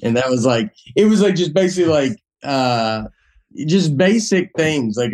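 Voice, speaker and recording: Halting Southern man chatting. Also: medium pitch, darkish tone. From Tennessee. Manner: rambling, halting, many restarts. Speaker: comedian guest. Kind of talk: casual podcast conversation.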